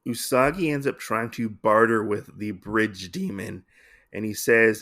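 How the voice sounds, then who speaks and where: A man's voice: fairly low pitch, measured pace, fairly bright tone. A man hosting a podcast, casually recapping a comic book story with many fillers and restarts. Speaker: podcast host.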